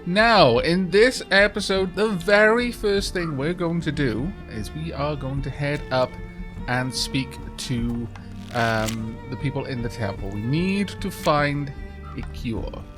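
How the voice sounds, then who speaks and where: Slow and fairly high-pitched, this man's voice narrates a let's play with music playing behind him. He's chatty, fills pauses with "uh" and "um," and voices the on-screen game text.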